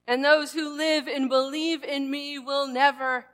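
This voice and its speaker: A calm, gentle Jesus, read by a woman preacher in a bright voice. The lines are slow and hushed, and a long hall reverb trails after each phrase. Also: high voice. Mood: solemn.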